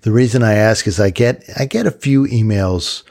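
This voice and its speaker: Husky low-voiced male podcast host. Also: moderate pace, a little mellow. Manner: brief encouraging replies. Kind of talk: casual podcast interview.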